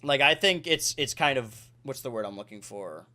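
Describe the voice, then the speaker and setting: A man's voice: mid-range voice, lively intonation, normal speed, sharp tone. A man in his twenties hosting a casual podcast, rambling and correcting himself, with lots of "like". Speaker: podcast host.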